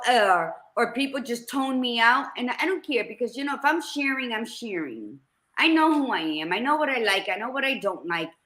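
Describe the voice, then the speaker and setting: A woman's voice: a little high, pushed and bright. A woman co-hosting a podcast, talking bluntly and animatedly and swearing freely. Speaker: podcast co-host. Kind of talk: candid podcast chat.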